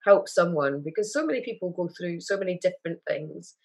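A woman's voice: fairly low pitch, fairly quick. Candid, emotional woman. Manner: emotional, candid, animated retelling. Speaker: interview guest. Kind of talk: casual interview chat.

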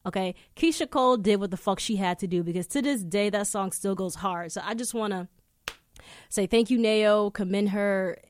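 A woman's voice: medium pitch, moderate pace, darkish tone, a little hiss or hum. Chatty, profane woman podcast host. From New York. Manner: chatty, profane, rambling storytelling. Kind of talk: casual solo podcast chat. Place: podcast studio.

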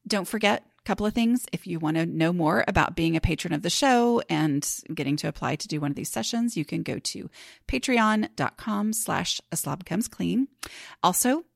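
A woman hosting a podcast in a casual, chatty way, effusive and quick to laugh. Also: on the low side, lively intonation, creaky, no echo, studio quality. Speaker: podcast host. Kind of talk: casual chat.

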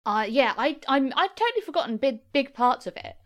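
A woman's voice: high-pitched, expressive, a little fast, a bit bright. A woman co-hosting a podcast, chatting casually about a film and laughing often. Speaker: podcast co-host.

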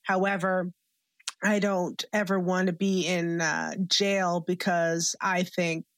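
A woman's voice: lowish voice, flat delivery, takes it slowly, a bit bright, no room sound. Candid woman with many fillers. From Canada. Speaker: comedian guest. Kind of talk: casual interview chat.

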